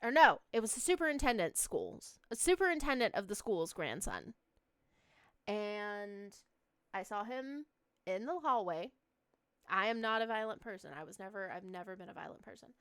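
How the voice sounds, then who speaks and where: A young woman with a bright, clear voice chats her way through a horror game stream. She rambles through a personal story, leaning on fillers and dropping curse words freely. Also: mid-range voice, lively intonation, moderate pace. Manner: chatty, swears freely, many fillers. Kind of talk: casual storytelling while playing a horror game.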